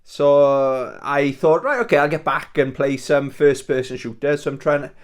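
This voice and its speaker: A man's voice: on the high side, normal speed. Rambling, jokey man vlogging. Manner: rambling, jokey, self-mocking. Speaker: game-collecting vlogger. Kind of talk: casual chat to camera.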